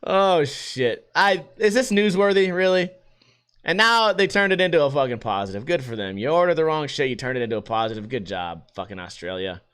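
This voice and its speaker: A man's voice: on the high side, lively intonation, a little fast, fairly bright tone, clear, resonant tone. A man hosting a casual solo livestream podcast, rambling sarcastically and swearing freely. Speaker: podcast host.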